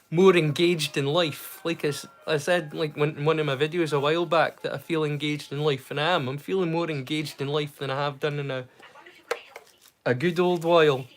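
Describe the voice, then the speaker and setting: A man hosting a casual livestream, talking in hesitant bursts full of fillers and restarts, with a mild stammer he keeps hidden. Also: fairly high pitch. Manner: excitable, animated bursts. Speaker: livestream host.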